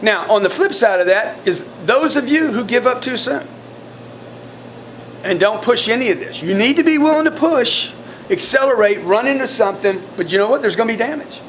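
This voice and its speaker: A man coaching his sales team in a blunt, forceful way, often repeating words. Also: high voice, expressive, normal speed, a little hiss or hum. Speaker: sales trainer.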